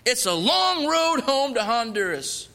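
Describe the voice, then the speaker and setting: A man voicing a calm, menacing male robber who gives stern warnings. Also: high-pitched, a little slow, voice pushed up, heavily acted. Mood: threatening.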